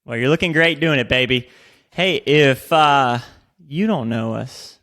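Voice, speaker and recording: A man's voice: mid-range voice, a little slow, bright, forceful tone. A man co-hosting a podcast in casual chat, joking and swearing freely. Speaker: podcast co-host. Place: in Austin.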